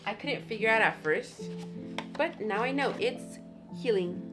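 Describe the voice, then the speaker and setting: Gushing, excitable woman vlogger. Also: medium pitch, moderate pace, music in the background. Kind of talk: casual unboxing chat.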